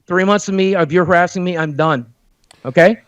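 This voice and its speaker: A man in a heated, profane argument, shouting threats on a dull, lo-fi call recording. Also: high-pitched, a little fast, smooth, dry recording. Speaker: guest on a played call.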